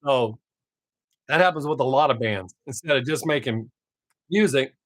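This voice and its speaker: A man's voice: mid-range voice, moderate pace, dry recording, clean studio sound. Laid-back cussing man chatting with viewers. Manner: profane, laid-back, talks to chat viewers by name. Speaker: live stream host. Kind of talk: casual live stream chat.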